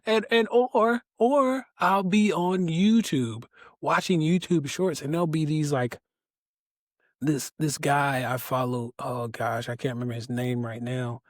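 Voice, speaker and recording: Animated, laughing man on a podcast. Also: a little slow, dry recording, clean studio sound. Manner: animated storyteller who laughs often and jumps to high pitch. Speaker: podcast guest, resilience speaker. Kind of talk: casual interview chat.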